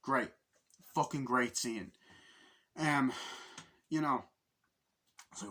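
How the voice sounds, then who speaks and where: A man giving a casual movie review, excitable and very profane, acting out the scenes he describes. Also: medium pitch, slow pace, pauses often, breathy edge. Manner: excitable and heavily profane, acts out scenes in loud impressions.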